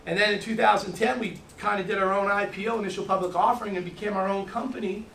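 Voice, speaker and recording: A man's voice: high voice, steady tone, creaky, fairly bright tone, slight background noise. A middle-aged man giving a sales training talk to a group, telling stories in a rush, with many restarts. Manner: fast storytelling with lots of restarts. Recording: echoey room, mic from a distance.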